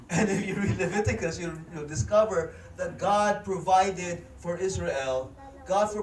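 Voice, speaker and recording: Filipino pastor in an echoey church. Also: male voice, a little high, slight background noise. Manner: jokey, switches between English and Tagalog, interacts with congregation. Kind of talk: sermon. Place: church hall. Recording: echoey hall, speaker far from mic.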